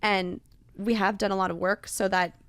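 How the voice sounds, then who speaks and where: A woman's voice: mid-range voice, flat delivery, moderate pace, a bit bright, no echo. A young adult woman co-hosting a podcast with her partner, talking earnestly and affectionately and laughing often. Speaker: podcast co-host. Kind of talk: casual couple chat.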